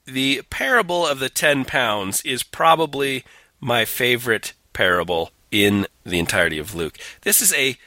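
A man's voice: mid-range voice, expressive, normal speed, bright, forceful tone, dry recording. A man co-hosting a casual talk show, sardonic and profane, reading scripture aloud in mock-dramatic tones. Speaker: podcast co-host.

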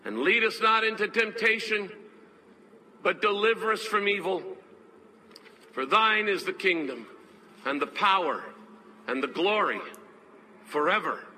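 A man delivering a solemn public prayer as a clergyman, in a slow, measured, reverent cadence. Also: sits high, expressive, bright, forceful tone, a little hiss or hum. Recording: echoey hall with faint ambience.

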